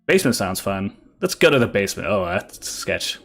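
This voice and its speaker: A man's voice: lowish voice, sing-song, normal speed, a bit bright, soft background music. A young man streaming a card game, thinking aloud and reading card text with many fillers. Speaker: gaming streamer. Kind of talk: casual gameplay commentary.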